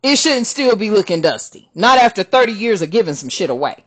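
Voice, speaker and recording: A woman's voice: medium pitch, sing-song, a little fast. A woman hosting a spiritual card-reading channel, ranting bluntly and profanely while reading cards.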